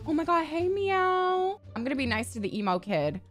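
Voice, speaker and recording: A young woman giving sassy, profane, excitable gameplay commentary, gasping often as she plays. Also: fairly high pitch, quick pace, soft background music. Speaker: gaming YouTuber.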